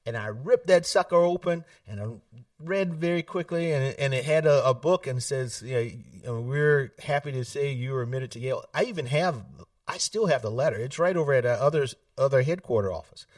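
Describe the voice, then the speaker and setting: A man, telling stories in an animated way, laughing often and acting out family voices. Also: medium pitch, fairly quick, no room sound, recorded from a distance. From South Carolina. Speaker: political candidate, guest. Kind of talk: casual storytelling interview. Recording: dry sound, set back from the mic.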